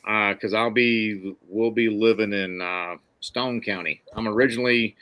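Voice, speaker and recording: Excitable Southern man with a bright voice. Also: lowish voice, unhurried, no room sound. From Mississippi. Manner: excitable, folksy slang. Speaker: podcast host. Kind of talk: casual podcast chat.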